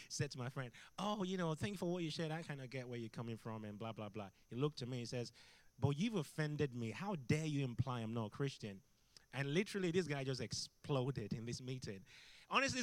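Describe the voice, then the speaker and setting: A middle-aged man preaching as a guest in a church, intense and animated, breaking into shouts as he tells stories. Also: mid-range voice, no echo. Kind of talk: sermon. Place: church hall.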